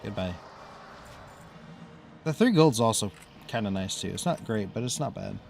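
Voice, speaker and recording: A man's voice: on the low side, expressive, normal speed, gravelly, faint music behind. Chatty rambling streamer man. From US Midwest. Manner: chatty and rambling, with frequent self-interruptions and laughs. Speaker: game streamer. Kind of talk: casual live-stream commentary.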